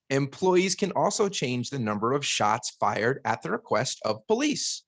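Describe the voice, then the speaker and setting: A man's voice: medium pitch, sing-song, measured pace, a bit bright, dry recording. Man reading out points on a podcast. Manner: reads prepared points, then chats loosely. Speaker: podcast co-host. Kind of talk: casual podcast discussion.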